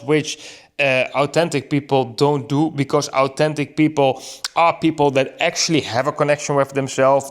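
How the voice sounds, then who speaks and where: A man in an earnest, reflective monologue, thinking aloud with rhetorical questions and slowing down to stress key words. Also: fairly high pitch. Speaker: vlogger.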